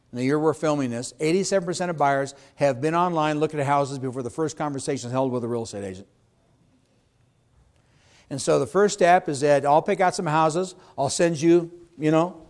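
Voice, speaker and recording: A middle-aged man teaching real estate agents at a seminar, speaking emphatically, asking the room questions and acting out what clients say. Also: a little high. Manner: emphatic, asks the audience questions, acts out client quotes. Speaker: real estate sales trainer. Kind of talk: seminar talk to a live audience.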